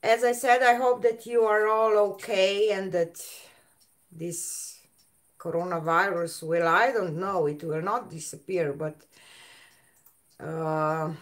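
A woman hosting an art live stream, chatting casually, greeting viewers by name and pausing often with fillers. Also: lowish voice, fairly even intonation.

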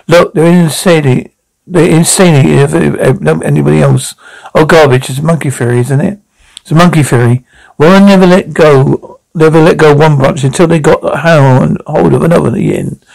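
A gravelly man with a slightly raised pitch, trading crude sitcom lines. His talk is brash and coarse, full of comic bluster. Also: brisk, a little mellow, poor audio. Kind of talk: sitcom dialogue.

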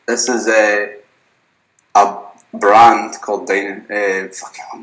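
Young man with a bright voice, casual and swearing. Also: on the low side, takes it slowly. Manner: laid-back, swears often, rambling. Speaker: podcast guest. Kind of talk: casual chat. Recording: echoey room.

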